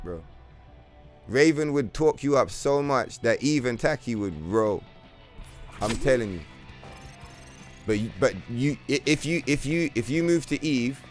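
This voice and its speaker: A man's voice: medium pitch, expressive, normal speed, faint music behind. A man streaming a game, rambling in a casual, profane, slang-heavy way. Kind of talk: casual livestream chat.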